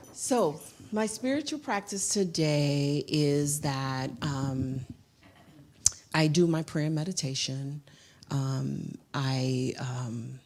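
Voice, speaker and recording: A woman giving a heartfelt spiritual testimony, halting and full of fillers. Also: extremely low pitch, darkish tone. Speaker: guest speaker and singer.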